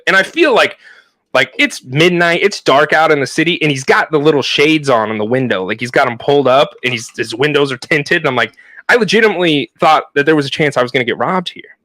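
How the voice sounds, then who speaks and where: A man co-hosting a podcast, telling a long story in a casual, animated way, with frequent swearing and fillers. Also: fairly high pitch, no echo. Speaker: podcast co-host.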